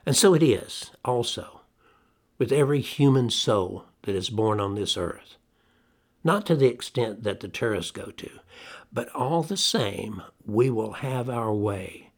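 A middle-aged man preaching a sermon, emphatic and deliberate, slowing down to stress key phrases. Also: medium pitch, expressive.

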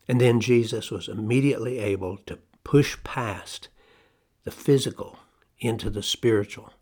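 Emphatic, low-voiced male preacher. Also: husky. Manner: emphatic, slows down to stress key phrases. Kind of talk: sermon.

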